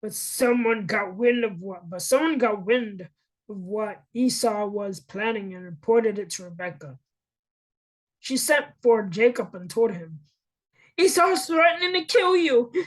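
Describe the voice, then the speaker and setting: A woman reading and casually retelling a Bible story, halting with many fillers and restarts. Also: medium pitch, low-quality recording.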